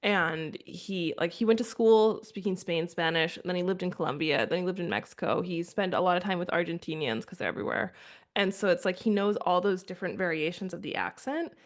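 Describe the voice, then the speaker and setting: A woman's voice: on the low side, a little fast. A woman in casual podcast conversation, a chatty storyteller who acts out what others said. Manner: chatty storyteller, quotes people in animated asides. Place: rural France.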